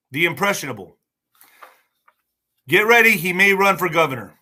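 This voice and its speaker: A man hosting a political livestream, talking in an excitable, mocking, rambling way with many asides. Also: high voice, moderate pace, pauses often. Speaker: livestream host.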